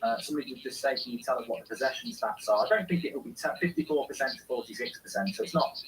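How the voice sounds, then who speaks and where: A man's voice: mid-range voice, racing, far from the mic, a little hiss or hum, low-quality recording. A man hosting a live football watchalong, reading viewer comments aloud and answering them in casual chat.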